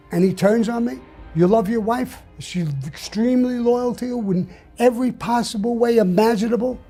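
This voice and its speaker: High and mellow, this older man's voice carries blunt, profane, gravelly storytelling as he talks as a guest in an interview.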